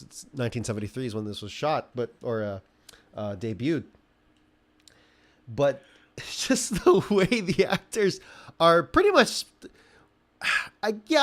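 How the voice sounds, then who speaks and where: Guy on a movie podcast, excited and rambly, keeps restarting, medium pitch. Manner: enthusiastic, rambling with many restarts. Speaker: podcast co-host. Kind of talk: casual film review chat.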